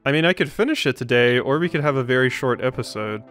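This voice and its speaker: A man's voice: mid-range voice, animated, fast talker, fairly bright tone. Guy muttering through a puzzle game, self-deprecating, faint game music under him. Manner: self-deprecating, thinks aloud. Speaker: let's play host. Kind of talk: gaming commentary.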